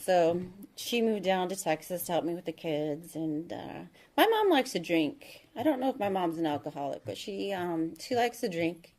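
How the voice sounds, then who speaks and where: Candid woman with a low voice. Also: big pitch swings, a little mellow. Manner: candid, halting, many ums and restarts. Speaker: AA meeting speaker. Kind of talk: personal recovery story told to a meeting.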